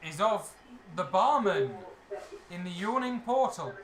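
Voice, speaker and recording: Male game master, high bright voice, echoey room. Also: slow. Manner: relaxed, explanatory, narrating dreams and rules. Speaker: dungeon master. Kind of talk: narrating a tabletop game. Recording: echoey room, mic from some distance, faint noise.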